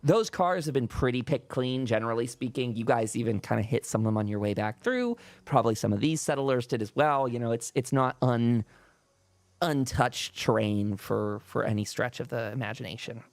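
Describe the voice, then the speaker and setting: A man with a gravelly, mid-pitched voice narrating a post-apocalyptic tabletop game as game master. He rambles and restarts his sentences often. The sound is dry and close, with no room around it. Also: moderate pace, no echo.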